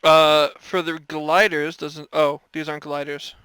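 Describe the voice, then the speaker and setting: High-pitched man in dry, close sound. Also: level tone, bright, forceful tone, clean tone, dry recording. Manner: quick reactive quips and laughs. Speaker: fellow player. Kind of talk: casual banter.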